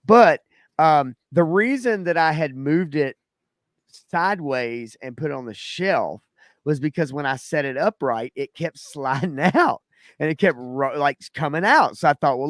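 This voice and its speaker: A man's voice: fairly high pitch, animated, moderate pace, no room sound, studio quality. A man with a Southern US accent co-hosting a podcast, chatting casually, laughing often and rambling through his stories. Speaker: podcast co-host. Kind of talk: casual storytelling chat.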